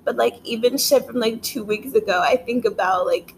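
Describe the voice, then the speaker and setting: A woman's voice: on the high side, moderate pace, slight background noise. Rambling, laughing woman podcaster. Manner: rambling, laughing often, heavy filler words, profane. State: high. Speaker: podcast host. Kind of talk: casual solo podcast monologue.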